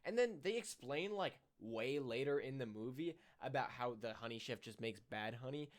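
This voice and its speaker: A man's voice: mid-range voice, animated, normal speed. A man giving casual, dry, sarcastic commentary on a movie, with some hesitation. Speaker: movie reviewer.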